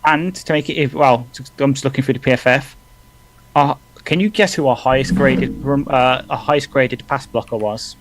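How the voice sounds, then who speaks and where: Male co-host, casual live sports chat, reads stats in quick bursts, mid pitch. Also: slight background noise, poor audio. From England. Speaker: podcast co-host.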